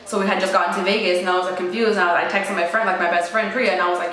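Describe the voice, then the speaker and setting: A woman's voice: mid-range voice, fairly even intonation, fast, hardly any pauses, fairly bright tone. A young woman sharing a painful personal story in casual, slangy talk full of "like" and "yo". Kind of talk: emotional personal testimony. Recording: very echoey room with faint music.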